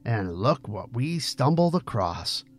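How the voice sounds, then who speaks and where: A man voicing a rough male sidekick thug who gloats. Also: medium pitch, sing-song, takes it slowly, dry recording. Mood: gloating.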